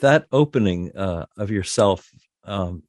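A man interviewing a guest, asking slow, thoughtful questions. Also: sits low, expressive, a little mellow, no room sound, clean studio sound.

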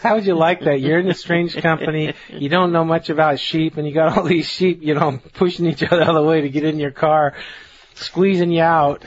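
A male co-host in casual chat, chatty and quick to laugh. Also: on the high side, steady tone. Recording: dull.

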